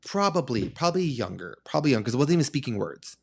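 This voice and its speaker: A man hosting a casual podcast tells a long travel story with lots of drama. He acts out the back-and-forth exchanges as he goes. His voice sits at an ordinary middle pitch. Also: big pitch swings, fast talker, creaky, slightly rough. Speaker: podcast host.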